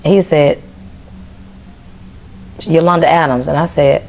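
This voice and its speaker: Animated woman telling a story. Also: low-pitched, moderate pace, long pauses. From Memphis, Tennessee. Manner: animated, acts out quoted dialogue. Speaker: podcast guest. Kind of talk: casual storytelling.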